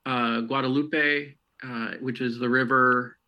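A man's voice: mid-range voice, fairly even intonation, slow pace, sharp tone, low-quality recording. A man from Texas, a podcast guest, answering questions in a friendly storytelling way with frequent fillers. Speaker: guest, marketing head of a distillery. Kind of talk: casual interview answers.

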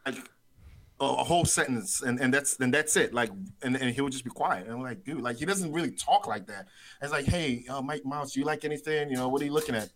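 Guy rambling through a trading story, lots of repeats and laughs, average pitch. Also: quick pace, a bit bright. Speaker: trader guest. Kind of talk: casual interview storytelling.

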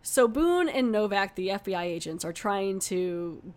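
A woman's voice: mid-range voice, expressive, moderate pace, a little mellow. A woman giving a casual, rambling movie review, full of fillers and asides.

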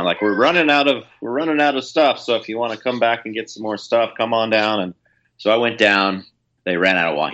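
Male musician guest, deep voice, loose chatty storytelling, muffled lo-fi sound. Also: sharp tone. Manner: rambling, hesitant, lots of fillers. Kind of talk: casual storytelling.

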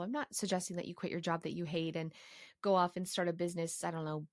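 A woman from Canada who runs a course for professional organizers, talking through her life rules in a passionate, animated way with quick asides. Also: fairly low pitch, no room sound, studio quality. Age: adult with a young son. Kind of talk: casual advice monologue.

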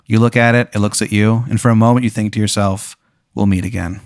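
Man, lowish voice, rambling storyteller, casual chat, dry close sound. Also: flat delivery, fast, clean tone, no room sound. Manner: rambling, sets up an absurd hypothetical with many fillers. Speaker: podcast co-host.

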